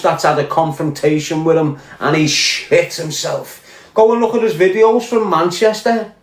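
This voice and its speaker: Fiery man ranting, roomy echo. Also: a little high. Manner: blunt, profane, accusing. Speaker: podcast guest. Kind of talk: heated storytelling rant.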